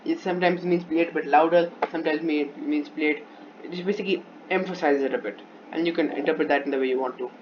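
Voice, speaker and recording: A man's voice: fairly high pitch, steady tone, fast talker, noisy background. A man teaching a music theory lesson off the cuff, often restarting and repeating himself while he demonstrates. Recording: dull lo-fi recording with instrument playing.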